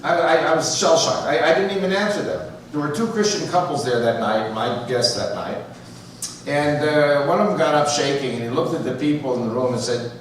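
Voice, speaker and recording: A man's voice: on the high side, brisk, a little hiss or hum. A man from the United States with a New York accent, speaking as a guest at a church in a chatty storytelling style with joking asides. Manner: conversational, jokey asides, quotes others in dialogue. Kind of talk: church talk with storytelling and jokes. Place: church sanctuary. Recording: roomy echo, distant mic.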